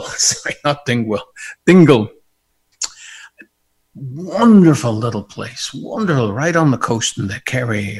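A man preaching a sermon, animated and often laughing, building to fervent repetition. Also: mid-range voice, gravelly, husky.

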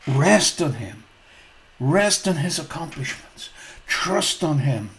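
A man's voice: a little high, very animated, slow pace, a bit bright, low-quality recording. A male preacher telling a parable in a sermon, emphatic and prone to asking his listeners questions. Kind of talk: sermon storytelling.

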